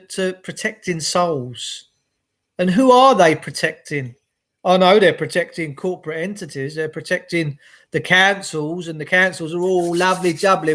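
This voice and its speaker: A man's voice: high voice, fairly bright tone. A middle-aged man talking casually from home by a log burner, greeting viewers and ranting with passion. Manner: chatty, greets viewers, impassioned. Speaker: vlogger. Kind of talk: casual livestream rant.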